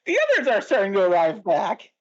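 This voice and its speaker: A woman narrating a tabletop game as game master, animated and quick to laugh. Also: medium pitch, lo-fi sound.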